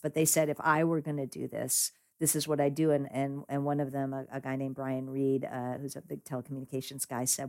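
Low woman's voice, animated interview guest recounting events. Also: brisk, hardly any pauses. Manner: animated, laughs often, many restarts. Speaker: guest, digital rights lawyer. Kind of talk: conversational storytelling.

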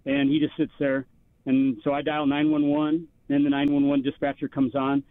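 A man's voice: fairly high pitch, monotone, moderate pace, no echo. A man on a radio call-in show, telling a long story in a rambling way, full of fillers and restarts. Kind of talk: casual storytelling. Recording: tinny phone line, dry.

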